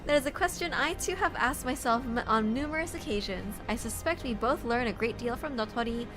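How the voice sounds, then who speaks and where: A woman reading a formal young noble companion's dialogue from a fantasy game aloud, with courtly, measured phrasing. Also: fairly high pitch, close to an everyday voice. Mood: gracious. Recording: game music behind the voice.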